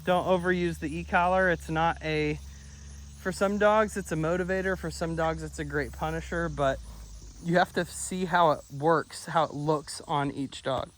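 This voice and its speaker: A man's voice: moderate pace, slight background noise. A man working as a dog trainer, coaching an owner outdoors in an upbeat way, laughing often. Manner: upbeat, laughs often, breaks into high excited praise for the dogs. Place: outdoors near a pond.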